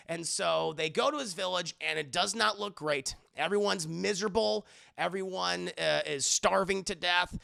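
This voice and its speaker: A man's voice: high-pitched, normal speed, creaky, pushed and bright. A man casually recapping a movie on a livestream, rambling and profane, often talking to his chat and acting out characters' lines. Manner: acts out characters' lines as he retells scenes.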